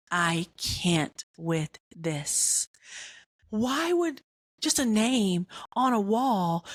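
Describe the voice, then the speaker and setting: A middle-aged woman shares a personal story on her podcast, taking her time with each phrase. She talks in a relaxed, unhurried way but leaps high in pitch when she quotes her own excitement. The recording is dry and close, with little room sound. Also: no echo. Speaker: podcast host. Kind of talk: casual storytelling.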